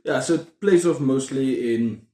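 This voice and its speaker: A man's voice: mid-range voice, measured pace, warm tone. A man talks casually to camera as a book vlogger, rambling through jokey asides and tangents. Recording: roomy echoing room.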